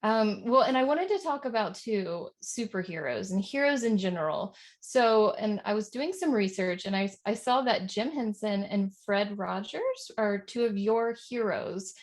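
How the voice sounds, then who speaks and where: A woman with an average-pitched voice hosts a relaxed interview. She asks chatty, friendly questions and fills them with small asides. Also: a little slow, few pauses. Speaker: interview host. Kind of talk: casual interview chat.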